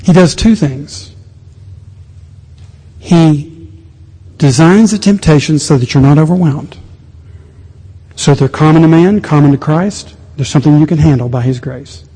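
A middle-aged male pastor preaching a sermon, animated with sudden quiet asides. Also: on the high side, a little slow, long pauses, slightly rough. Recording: long reverb of a large hall.

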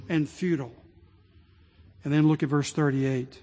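A man preaching a sermon as pastor, rising to impassioned pleading and dropping low and slow. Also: fairly even intonation, warm tone. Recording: long reverb of a large hall.

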